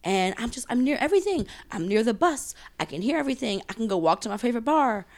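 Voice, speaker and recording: Lively New woman guest. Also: fast. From New Orleans. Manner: animated storyteller, bursts into high exclamations. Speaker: guest writer. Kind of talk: casual chat.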